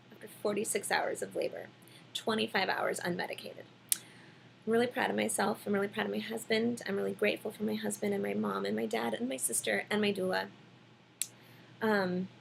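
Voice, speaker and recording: A young woman telling a personal story at home in a casual, chatty way, with many fillers and lively quoted voices. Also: medium pitch, vocal fry, a little hiss or hum, rough recording. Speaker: vlogger.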